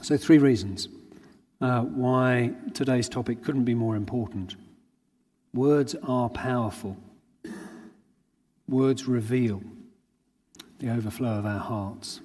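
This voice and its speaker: A man's voice: medium pitch, fairly even intonation, slow pace, pauses often, a little mellow. A man giving an earnest sermon at a conference, drawing on everyday anecdotes to make his points. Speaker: conference speaker. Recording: long hall reverb.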